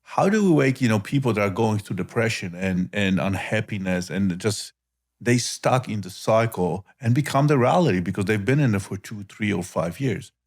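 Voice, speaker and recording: A man with a fairly low voice hosts a podcast interview. He asks broad questions and drives his points home, repeating short phrases for emphasis. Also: lively intonation, normal speed. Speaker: podcast host.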